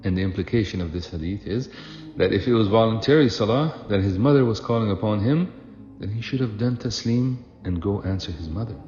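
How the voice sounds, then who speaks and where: A man's voice: on the low side, brisk, darkish tone, dull audio. A man telling a religious story in a sermon, chatty and loose, with fillers and restarts, recorded in an echoey hall with music behind. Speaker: preacher.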